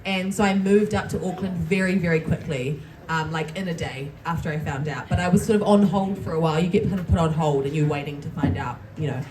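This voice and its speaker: A woman from New Zealand telling a soft-spoken, laughing story as a convention panel guest. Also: sits low, fast talker, few pauses, a little hiss or hum. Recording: distant mic with crowd.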